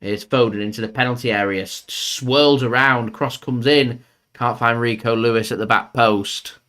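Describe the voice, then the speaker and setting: A man's voice: medium pitch, fairly even intonation, moderate pace, a bit bright. A young man hosting a live football watchalong, chatting casually and joking as he follows the match. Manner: chatty, jokey, laughs often, swears. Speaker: fan channel host doing live match commentary.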